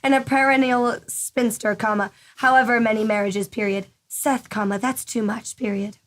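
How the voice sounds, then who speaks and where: A woman's voice: on the high side, steady tone, moderate pace, close to an everyday voice. A woman reading a haughty, scolding character. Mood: cutting. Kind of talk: script table read. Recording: distant voice over loud noise.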